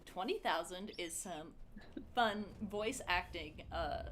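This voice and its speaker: A woman's voice: fairly low pitch, slow pace, a bit bright, slight background noise. A woman with a mid-range voice co-hosting a charity stream in casual chat, friendly and laughing often.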